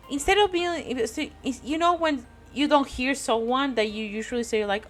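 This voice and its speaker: A woman's voice: high voice, normal speed, hardly any pauses, soft background music. A woman from Spain with a Spanish accent, casually telling a rambling story on stream and often breaking into giggles. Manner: rambling, giggly, frequent laughter.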